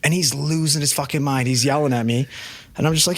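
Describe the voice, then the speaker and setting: A man with a slightly raised voice tells a profane, animated story with plenty of swearing, co-hosting a casual podcast chat. The sound is dry and close, with no room around it. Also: fairly high pitch, normal speed, no echo. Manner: profane, animated anecdote telling. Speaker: podcast co-host.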